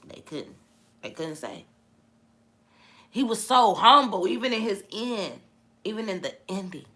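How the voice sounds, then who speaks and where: A woman in a casual vlog, talking emphatically about faith in an animated, preachy way. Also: medium pitch, unhurried. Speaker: vlogger.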